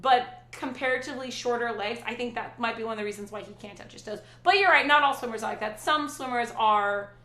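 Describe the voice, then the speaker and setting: A woman's voice: fairly high pitch, fast talker, few pauses, sharp tone, reverberant. A middle-aged woman hosting a livestream, chatting casually and reading viewer comments aloud in a rambling way. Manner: chatty and rambling, with frequent restarts and asides. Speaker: livestream host.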